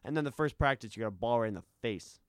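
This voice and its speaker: A man's voice: medium pitch, lively intonation, fast talker, clean tone, no echo, clean studio sound. A young man co-hosting a podcast, chatting casually and joking by acting out little sketches. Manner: playful, jumps in with acted-out sketches. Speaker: podcast co-host. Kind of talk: casual chat.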